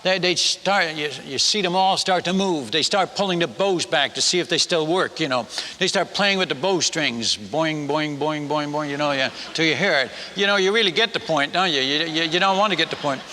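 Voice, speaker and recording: Bright-voiced man preaching in a hall. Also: on the high side, a little fast, slight background noise. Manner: animated, acts out dialogue and sound effects. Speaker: missionary preacher. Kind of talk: storytelling sermon. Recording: long reverb of a large hall.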